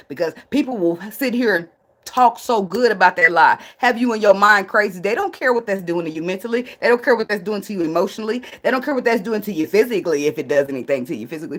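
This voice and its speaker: Blunt, cussing woman reading tarot. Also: on the low side. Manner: blunt and profane, laughs often; rambling, talks herself into tangents. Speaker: tarot reader. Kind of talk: casual spiritual tarot reading.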